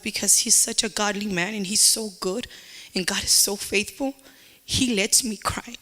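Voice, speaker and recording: A woman's voice: mid-range voice, fairly bright tone. Woman, middle-aged, church testimony, heartfelt, repeats words, mixes in spanish phrases. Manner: emotional, repetitive, with Spanish phrases. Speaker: church member giving testimony. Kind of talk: personal testimony.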